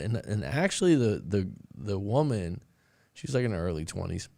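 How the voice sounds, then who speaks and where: Gravelly low-voiced man, rambling coach. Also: big pitch swings, normal speed, dark tone, dry recording, clean studio sound. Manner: rambling, restarts often, calls listeners "boss man". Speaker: breakup coach and podcast host. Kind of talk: casual live-stream chat and storytelling.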